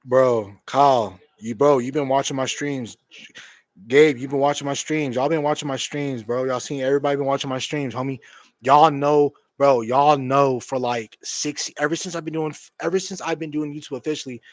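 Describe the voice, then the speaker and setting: A man hosting his own live stream, reacting with loud excitement and a lot of swearing, repeating himself and calling the audience bro and homie. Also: medium pitch, normal speed, no echo, clean studio sound. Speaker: streamer hosting a draft watch party.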